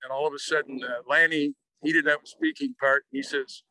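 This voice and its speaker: An older man from the American Midwest, a guest author telling lively anecdotes in an interview and acting out the quotes. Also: fairly high pitch, a little fast, no room sound, rough recording. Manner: lively anecdotal storyteller who acts out quotes. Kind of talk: storytelling in an interview.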